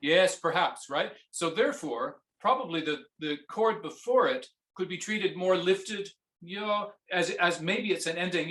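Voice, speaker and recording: A man coaching a viola student in a masterclass, singing musical phrases between gentle instructions. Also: high voice, expressive, a little slow, hardly any pauses, reverberant. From Canada. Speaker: viola teacher giving a masterclass.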